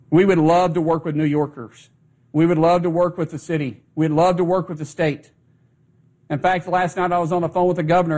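A man making an insistent press statement as an official spokesman, firing off quick rhetorical questions. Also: on the high side, a little mellow.

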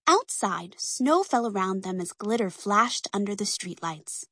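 A woman reads a children's story aloud with a lively voice that swoops up and down. Her tone is a bit husky. The recording is close and dry, with no room sound. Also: medium pitch, normal speed, no echo. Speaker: narrator.

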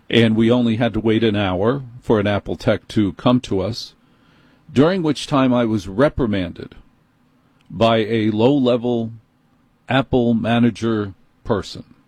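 A husky-voiced radio host with a New York accent, close on a studio mic in a dry booth. He tells his story in an animated, indignant way. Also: lowish voice, dry recording. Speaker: radio talk show host. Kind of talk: call-in talk radio monologue. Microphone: studio microphone.

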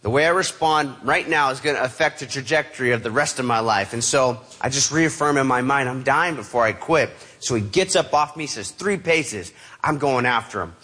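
A man telling a personal story in a lively way, acting out the voices of the people in it. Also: medium pitch, normal speed. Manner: animated, acts out quoted voices. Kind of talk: motivational storytelling.

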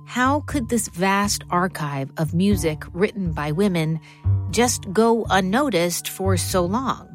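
A woman's voice: medium pitch, animated, slow pace. A woman hosting a podcast, reading scripted narration and asking questions. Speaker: host, narrator. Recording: narration over guitar music.

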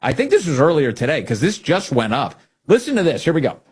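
Husky-voiced mocking male commentator. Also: on the high side, very animated, fast. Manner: mocking, sarcastic. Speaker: political commentary host. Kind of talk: opinion commentary monologue.

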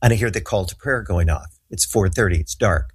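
A man's voice: low-pitched, a little fast, slightly rough. A middle-aged man, a guest minister, telling a story earnestly and with animation in a talk show interview.

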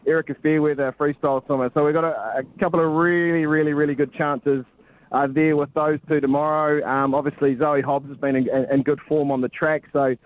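A New man calling in as a sports reporter with a matey, rambling delivery and frequent restarts. His voice sits fairly high. The call has a dull, narrowed phone-line sound. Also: flat delivery, brisk. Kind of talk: casual live cross report.

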